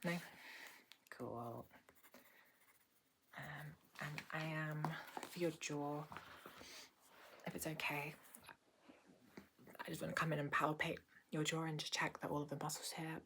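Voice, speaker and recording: Low-voiced woman in whispered role-play. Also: steady tone, gravelly, noisy background. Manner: soft-spoken and unhurried, with frequent hesitant "um"s. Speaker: ASMR creator playing a doctor. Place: small indoor home filming room.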